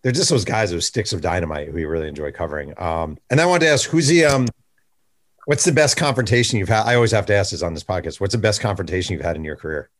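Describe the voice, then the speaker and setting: Male podcast host with a very deep voice; relaxed, conversational interviewer. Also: fast talker. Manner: conversational, chatty, fillers like "like" and "um". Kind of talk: casual interview chat.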